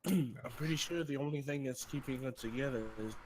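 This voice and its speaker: A man's voice: mid-range voice, a little fast, slight background noise, rough recording. A man playing a tabletop game in character, mild and explanatory. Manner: mild, explaining, clears his throat. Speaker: player. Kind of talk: in-character tabletop role-play.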